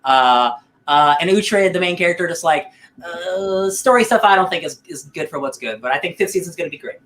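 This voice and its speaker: A man chatting casually on a podcast, his voice sitting a little on the high side. He rambles along upbeat, circling back with fillers and restarts as he talks. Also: expressive, brisk, fairly bright tone, slight background noise. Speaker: podcast co-host.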